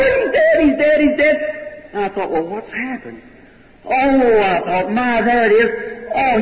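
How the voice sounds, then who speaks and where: A man preaching, telling a story in folksy sermon style and acting out people's words. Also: high voice. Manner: folksy storytelling, quotes people in changed voices. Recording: dull old recording, echoey hall, crowd.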